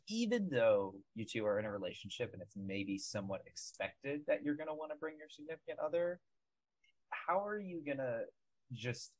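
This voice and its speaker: A man's voice: mid-range voice, no echo, poor audio. A man in a casual film podcast discussion, building longer analytical points about the characters.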